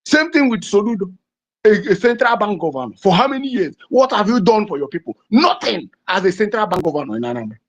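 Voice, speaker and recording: A man's voice: high voice, very animated, quick pace. A man from southeastern Nigeria with a Nigerian English accent, giving an impassioned political address with emphatic, repetitive rhetoric. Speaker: political activist. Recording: dull lo-fi recording.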